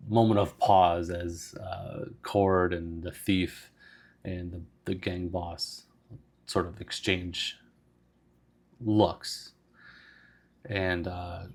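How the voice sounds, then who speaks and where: A man casually narrating a solo tabletop game, rambling with lots of fillers. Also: deep voice. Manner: casual, meandering, full of fillers.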